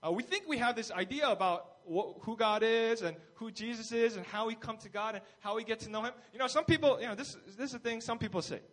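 A man's voice: very high voice, quick pace, hardly any pauses, a bit bright, dry recording, poor audio. A man preaching a sermon as a pastor, in a casual, conversational way full of fillers, acting out quoted voices.

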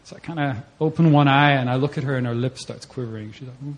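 A young man giving a personal testimony at a church service, telling the story in a conversational way and acting out his own reactions in a voice that jumps up high. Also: quick pace. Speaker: church member giving a mission-trip testimony.

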